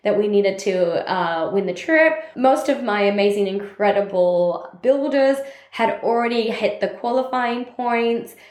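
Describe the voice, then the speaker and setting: A woman's voice: medium pitch, animated, measured pace, hardly any pauses. Woman sharing candidly in a roomy space. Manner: candid, confessional, self-help phrasing with many "like" fillers. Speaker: network marketing team leader. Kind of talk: personal reflective monologue. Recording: roomy echo.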